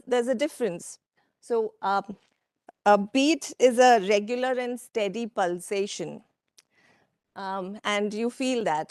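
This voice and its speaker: Slow-speaking woman giving a slide talk. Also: on the high side, darkish tone, no echo, clean studio sound. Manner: measured, with frequent fillers and asides to the audience. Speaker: workshop speaker. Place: conference room.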